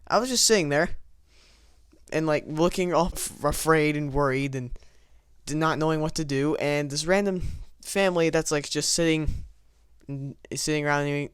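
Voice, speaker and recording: A man's voice: a little high, clear, resonant tone, no room sound, clean studio sound. Stammering young man telling a story. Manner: rambling, self-mocking, frequent stammers and restarts. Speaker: vlogger telling a childhood story. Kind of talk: casual storytelling over gameplay.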